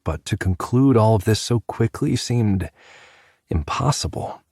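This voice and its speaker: A man narrating a sci-fi audiobook in first person, measured and even. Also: fairly low pitch, breathy edge, no room sound, clean studio sound.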